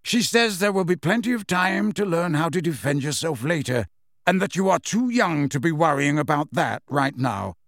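A man voicing a wry, teasing grown man in an audiobook reading, delivered with lively intonation. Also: on the high side, moderate pace, dry recording, studio quality, pitched above the performer's own voice. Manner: teasing, self-assured.

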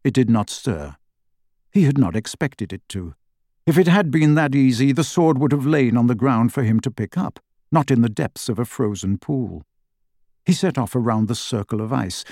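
A man reading a story aloud as an audiobook narrator, in measured, dramatic storytelling. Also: mid-range voice, darkish tone, no echo, clean studio sound. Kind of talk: scripted narration.

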